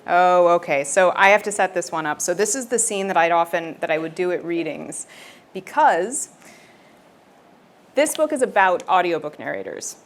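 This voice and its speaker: An audiobook narrator talking animatedly on stage, laughing often and slipping into character voices while wearing a lavalier mic. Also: female voice, on the low side, expressive, normal speed. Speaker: audiobook narrator, festival guest. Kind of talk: live on-stage conversation with readings. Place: festival stage.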